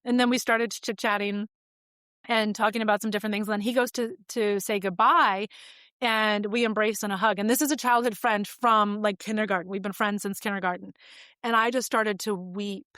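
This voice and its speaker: A woman's voice: mid-range voice, steady tone, moderate pace, fairly bright tone, dry recording, studio quality. Reflective woman in her forties. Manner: reflective and open, with frequent fillers. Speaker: podcast guest. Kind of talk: candid conversational storytelling.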